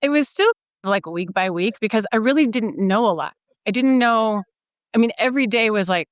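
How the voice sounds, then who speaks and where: A woman in her fifties tells her story as a podcast guest, her voice smooth and resonant. She is casual and animated and acts out the dialogue she recalls, recorded close and dry. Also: a little high, moderate pace, no echo.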